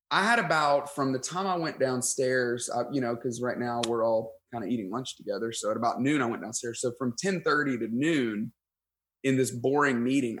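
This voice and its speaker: Man telling a story in casual chat. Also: mid-range voice. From United States. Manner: self-deprecating, animated retelling with quoted inner thoughts. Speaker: pastor and podcast guest.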